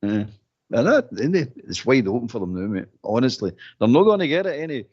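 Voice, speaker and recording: A Scottish man co-hosting a casual football phone-in, talking in an animated way with repeated words. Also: mid-range voice, fairly quick, husky. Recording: dull lo-fi phone-in audio.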